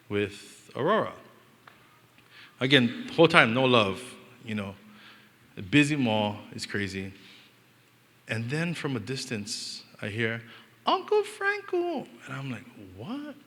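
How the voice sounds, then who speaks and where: Bright-voiced pastor with a Hawaiian Pidgin lilt. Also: male voice, medium pitch, measured pace, pauses often. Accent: Hawaiian Pidgin-inflected English. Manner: animated, joking, acts out quoted voices. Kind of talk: storytelling sermon. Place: church hall. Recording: long reverb of a church hall.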